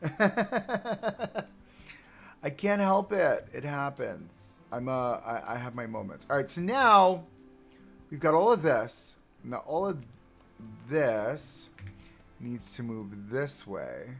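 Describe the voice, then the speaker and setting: Chatty self-mocking male streamer, gravelly. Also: medium pitch, sing-song, takes it slowly, a bit bright, faint music behind. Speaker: livestreamer. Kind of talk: casual game livestream commentary.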